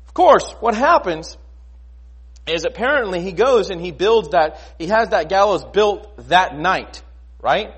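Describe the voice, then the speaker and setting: A man preaching a sermon in a conversational, animated way, often asking rhetorical questions. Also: high voice, measured pace, husky. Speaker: pastor.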